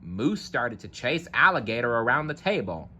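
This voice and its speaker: A man reading a children's picture book aloud, narrating slowly and expressively. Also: medium pitch. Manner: slow, expressive. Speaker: story reader. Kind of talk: read-aloud storybook narration.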